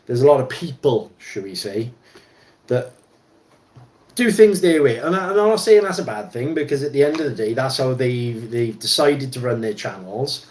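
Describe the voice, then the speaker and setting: A man's voice: mid-range voice, expressive, moderate pace, a little mellow. Chatty man in a roomy space. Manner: rambling, many ums and restarts. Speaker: livestream host. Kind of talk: casual chat while wrenching.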